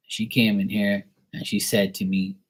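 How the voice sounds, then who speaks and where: A man with a low, husky voice gives a casual live-stream psychic reading. He talks bluntly and emphatically, swearing freely as he makes his points, with a slightly roughened edge to his tone. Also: little pitch movement, normal speed, low-quality recording. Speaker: psychic tarot reader.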